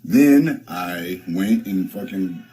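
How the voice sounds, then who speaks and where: A man's voice: low-pitched, expressive, takes it slowly, mellow, low-quality recording. A young man streaming, telling a story in a rambling, profane way, full of restarts and fillers. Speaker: live streamer.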